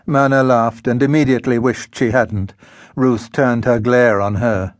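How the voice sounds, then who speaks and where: A man narrating a novel in a measured, unhurried way. His pitch is mid-range and even. The studio sound is dry and close. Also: dry recording. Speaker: audiobook narrator. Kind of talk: scripted narration. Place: recording studio.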